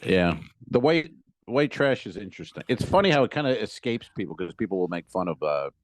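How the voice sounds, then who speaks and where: Animated low-voiced comedy podcast host. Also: male voice, fairly quick, dry recording. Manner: loose, joking, riffs with asides. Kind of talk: casual comedic chat.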